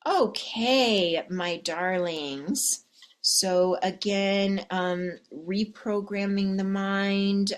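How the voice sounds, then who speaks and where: Sassy lady coach hyping up her viewers, swears a lot, talks nice and slow. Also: medium pitch. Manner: sassy, teasing, profane, keeps asking "okay?". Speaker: love and life coach. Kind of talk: live-streamed pep talk to viewers.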